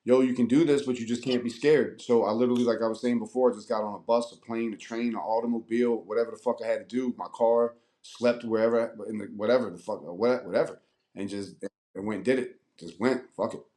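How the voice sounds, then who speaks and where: A man in his forties from Annapolis, Maryland, telling stories as a guest in a casual interview, profane and animated, acting out the voices of people he quotes. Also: on the low side, quick pace. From Annapolis, Maryland, USA. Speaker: guest rapper.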